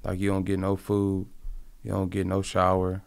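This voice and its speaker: A man from Compton tells his story casually, his speech rambling and thick with slang and profanity. His voice sits fairly low and has a gravelly, creaky texture. He is the interviewee, talking loosely and unscripted. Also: monotone, normal speed, dry recording. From Compton, California.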